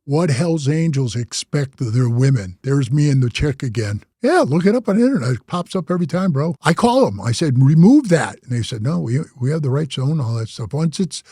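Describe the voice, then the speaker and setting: A man's voice: mid-range voice, lively intonation, fairly quick, few pauses, dark tone, slightly rough, no room sound, studio quality. An older man telling stories in a casual interview, loose and profane, slipping into voices when he retells what people said. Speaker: interview guest.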